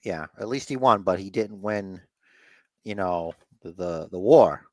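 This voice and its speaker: A man's voice: sits low, no echo. A man co-hosting a casual wrestling recap podcast, rambling with fillers and acting out bits. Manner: acts out wrestlers' lines in quick, animated put-on voices. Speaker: podcast co-host.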